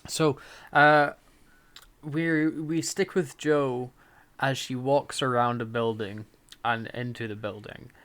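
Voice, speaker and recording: Man, podcast co-host, casual chat, middle pitch, laughs a lot. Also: fairly even intonation, slow, fairly bright tone, clean tone. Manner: chatty, laughs often, mimics lines in quotes.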